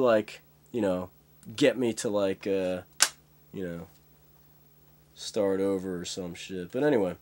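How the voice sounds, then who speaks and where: A young man vlogging in a casual, rambling monologue, full of fillers and swearing. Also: mid-range voice. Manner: rambling, many fillers, profane.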